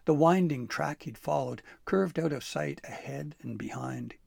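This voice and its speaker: A man narrating a storybook with an expressive, dramatic read-aloud manner. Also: on the high side, unhurried, creaky, husky, no room sound, studio quality.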